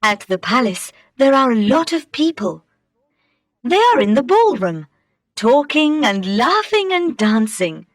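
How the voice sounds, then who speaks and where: Slow, careful woman storyteller. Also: on the high side, sing-song, no room sound, studio quality. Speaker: narrator. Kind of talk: slow storybook reading for English learners.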